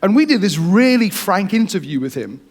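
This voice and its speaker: Animated high-voiced male preacher. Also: moderate pace. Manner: animated, jokey storyteller. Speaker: pastor. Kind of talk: sermon storytelling.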